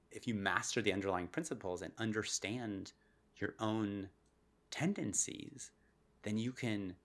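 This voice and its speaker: Animated man explaining with laughs. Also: medium pitch. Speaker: guest neuroscientist. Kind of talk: podcast interview, explaining.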